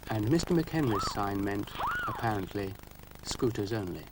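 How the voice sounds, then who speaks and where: A man narrating a children's story in a gentle, measured way. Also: lowish voice, animated, noisy background.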